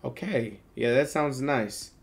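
A man's voice: medium pitch, slow pace, creaky, background noise. A man streaming on a video chat app, chatting in a joking, slangy, profane way. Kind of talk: casual chat.

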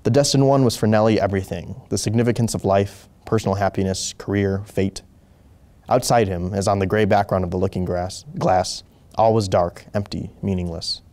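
A man reading a short story aloud as host, slow and deliberate with occasional small slips. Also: lowish voice, steady tone, mellow. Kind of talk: measured story narration.

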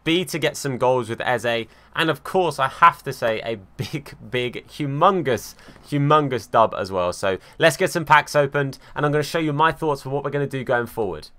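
A young man giving live commentary over his football video game, swinging from calm play-by-play to exasperated outbursts. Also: medium pitch, moderate pace. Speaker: gaming YouTuber.

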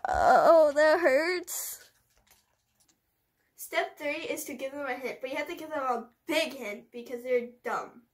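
A woman's voice: sits high, moderate pace, few pauses. A teenage girl narrating and acting out steps in a comedy skit, giggly and hesitant, with lots of ums.

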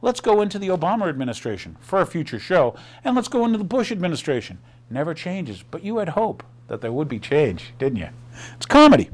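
Animated, sarcastic male show host. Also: a little high. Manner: animated, sarcastic, rhetorical questions. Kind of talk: commentary monologue.

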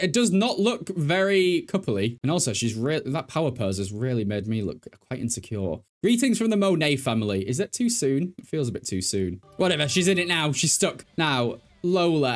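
A young man commenting on his own video game play, joking and chatty, swinging from excited outbursts to low mutters. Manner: chatty, jokey, quick swings between loud excitement and mutters. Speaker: gaming YouTuber.

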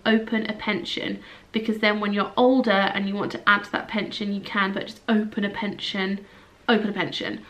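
A woman's voice: medium pitch, a bit bright. A woman, chatting candidly to camera in a casual vlog, with lots of asides. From England. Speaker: vlogger.

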